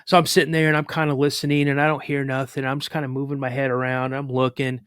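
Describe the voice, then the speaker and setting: A man's voice: medium pitch, level tone, fast talker, fairly bright tone, clear, resonant tone, dry recording, clean studio sound. A man in casual conversation, animatedly retelling a personal story with frequent restarts. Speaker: podcast guest, cryptid researcher.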